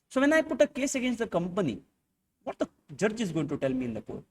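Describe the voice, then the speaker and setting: A man's voice: sits high, huge pitch swings, fast, slightly rough, far from the mic. A man with an Indian English accent teaching accounting in a classroom lecture, firing rhetorical questions at his students and acting out little dialogues.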